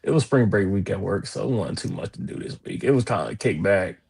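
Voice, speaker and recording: A man's voice: low-pitched, animated, brisk, vocal fry, a little mellow, husky. A young man co-hosting a casual sports talk show, laid-back and slangy, often repeating words. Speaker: co-host.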